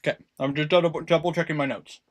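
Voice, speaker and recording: A man running a tabletop game as game master, narrating the scene in an animated way. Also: a little high, fast. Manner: animated, lively narration with put-on townsfolk voices.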